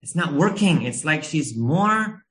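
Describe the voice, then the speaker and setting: A man in his thirties preaching a sermon, telling a family story in an earnest, gentle way with a few hesitations. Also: a little high, animated, measured pace, low-quality recording.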